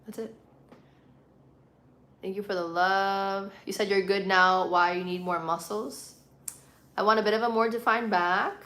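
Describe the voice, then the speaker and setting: A woman's voice: medium pitch, steady tone, a little slow, long pauses, pushed and bright, echoey room. A young adult woman from a Puerto Rican and Colombian family, casually chatting on a live stream as she reads viewer comments and stresses her words for emphasis. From Puerto Rican and Colombian, living in the US. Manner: puts emphasis on words, bilingual speaker.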